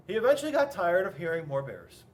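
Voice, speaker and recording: Man reading storybooks to kids, high lively voice, a bit off-mic. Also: quick pace, far from the mic. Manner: playful, animated, exaggerated storyteller. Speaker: police officer reading to children. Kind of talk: children's storybook read-aloud.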